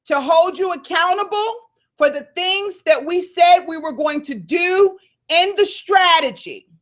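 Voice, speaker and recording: A woman coach hosting a live Q&A call, fired up and loud, calling her listeners y'all. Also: very high-pitched, lively intonation, unhurried.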